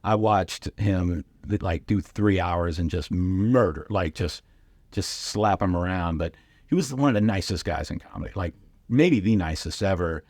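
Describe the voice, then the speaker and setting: A man's voice: low-pitched, measured pace, a little mellow, no echo. A middle-aged man, a comedian, telling casual stories on a podcast and acting out the voices of other people in his quotes. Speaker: comedian guest.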